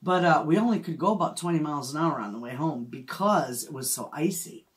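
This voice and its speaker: A woman's voice: sits low, expressive, fairly quick. A middle-aged woman, chatting casually as a homestead vlogger and telling a story with frequent laughs. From Michigan, USA. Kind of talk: casual chat.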